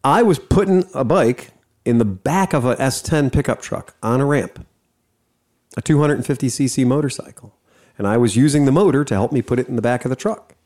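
Casual male podcast host, mid pitch, profane and lively storyteller. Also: a little fast.

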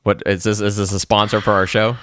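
A man co-hosting a podcast with deadpan, joking banter. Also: on the low side, brisk. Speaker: podcast co-host. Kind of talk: casual chat.

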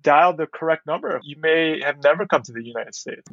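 A man's voice: fairly high pitch, fairly quick, gravelly, a bit bright, dry recording. Podcast host man, dry and dull sound. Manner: encouraging, frequent short affirmations. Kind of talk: casual podcast interview. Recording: dry, slightly dull audio.

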